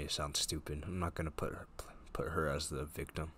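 A man casually commenting on a story game as he plays, reading chat lines aloud and reacting with quick offhand remarks and the odd swear. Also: rumbling low, level tone, a little hiss or hum. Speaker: gamer playing through a story game. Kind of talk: casual let's-play commentary. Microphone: desk mic with face cam. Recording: loud game music behind the voice. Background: loud game music and keyboard typing.

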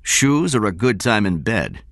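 A man doing a reserved executive who speaks softly and says little, pitched a little above the reader's low voice. The recording is dry and close. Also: big pitch swings, unhurried, dry recording, heavily acted. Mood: quiet. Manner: soft-spoken, reserved. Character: quiet big-handed male production chief.

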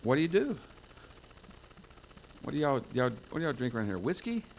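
A man's voice: mid-range voice, sing-song, moderate pace, a little hiss or hum. A man from the United States preaching a folksy, self-mocking sermon to a church congregation, wandering into asides. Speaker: pastor.

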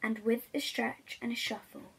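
A woman reading a picture book aloud to young children, gentle and chatty with her viewers. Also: a little high, fairly even intonation, normal speed, gravelly, background noise.

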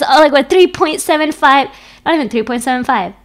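A woman's voice: high-pitched, expressive, normal speed. A young woman streaming from home into a desk microphone, chatting casually and playfully with her viewers, often giggling.

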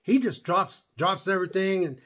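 A man's voice: high-pitched, normal speed, fairly bright tone. A man giving a rambling, blunt, opinionated spoken review of a TV series. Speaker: show reviewer.

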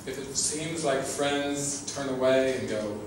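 A man's voice: medium pitch, slow. Guy teaching spiritual stuff, earnest, laughs a lot, distant mic, noisy roomy sound. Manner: earnest, repeats words, often laughing. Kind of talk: informal spiritual talk. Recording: echoey, distant mic with background noise.

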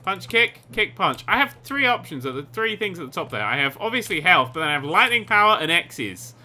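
A man commentating over a video game he is playing, excitable and sarcastic, swearing often. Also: high-pitched, a little fast. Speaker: gaming commentator. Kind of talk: let's play commentary.

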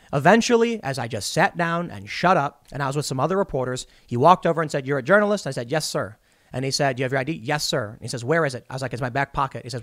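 A man's voice: on the high side, a bit bright, no echo. Emphatic man with a dry close sound. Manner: emphatic, rambling, with frequent restarts. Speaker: political commentary host. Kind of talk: solo political commentary.

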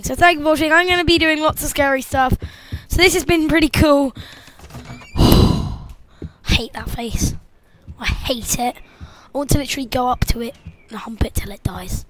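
A woman with a high, light voice narrates a horror game as she plays. She mutters half-whispered asides to herself, then bursts into gasps and shrieks when something jumps out, keeping a goofy, joking tone throughout. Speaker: gamer. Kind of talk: horror let's-play commentary.

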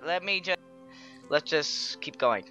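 A woman with a bright, forceful voice chats her way through a video game, excitable and quick to giggle. She drops into silly voices now and then, with faint game music running underneath. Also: low-pitched. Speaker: let's play gamer. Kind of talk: casual gameplay commentary.

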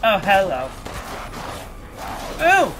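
Animated, slow-talking let's play host. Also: medium pitch, background noise. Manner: reactive, swears, talks back to enemies. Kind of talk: casual gameplay commentary.

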